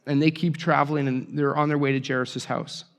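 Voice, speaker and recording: A man preaching a sermon as a pastor, telling a story with lively, acted-out voices for the people in it. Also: on the high side, brisk, big-room sound.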